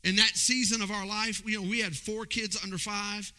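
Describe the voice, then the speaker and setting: A pastor preaching a sermon, telling a story with lively delivery and acting out the voices of the people in it. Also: male voice, high voice, moderate pace, clear, resonant tone. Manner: animated, acts out voices in his stories.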